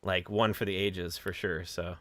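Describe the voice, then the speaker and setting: Bright-voiced guy hosting a band livestream, chatty, laughs a lot, dry sound. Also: low voice, little pitch movement, normal speed, dry recording. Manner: chatty, laughs often, many restarts. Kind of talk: casual livestream chat.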